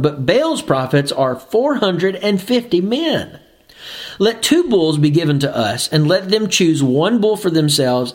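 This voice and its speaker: A man preaching a sermon and reading scripture aloud, emphatic and rising on key phrases. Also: fairly high pitch.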